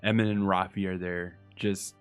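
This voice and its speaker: A young man narrating a tabletop game as dungeon master, halting with many fillers. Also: low voice, flat delivery, clean tone, soft background music.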